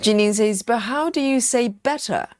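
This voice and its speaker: A woman's voice: on the high side, moderate pace, darkish tone, no room sound. A woman hosting a craft livestream, chatting casually while she reads viewers' comments aloud, often laughing and repeating words as she thinks. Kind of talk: casual chat reading live comments.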